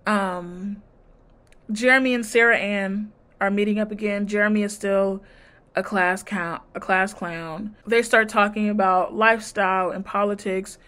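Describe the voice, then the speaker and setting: A woman's voice: mid-range voice, steady tone, measured pace, fairly bright tone. A woman reality-TV recap vlogger, sassy and blunt, mid-range voice. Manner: sassy, blunt, mimics cast members' lines. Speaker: TV review vlogger. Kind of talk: casual reality-show recap.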